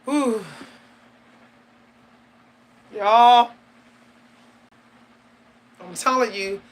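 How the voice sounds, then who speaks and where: Her voice is a little high, bright and pushed as she speaks to camera as host of her channel. The spiritual talk is casual yet emphatic, full of slang and frequent laughter.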